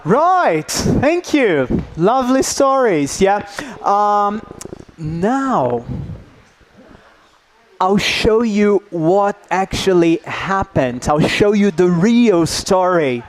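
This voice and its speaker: Upbeat, high-voiced teacher trainer. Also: male voice, sing-song, drawn-out words. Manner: checks in often with "yeah?", coaxing and upbeat. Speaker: teacher trainer leading a workshop. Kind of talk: interactive workshop talk. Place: workshop room with an audience.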